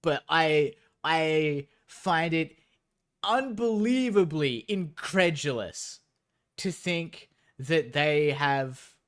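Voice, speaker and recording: Slow-talking, swearing male streamer. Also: fairly high pitch, a bit bright. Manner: incredulous, profane, sarcastic asides. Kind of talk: reading a story aloud on stream with commentary.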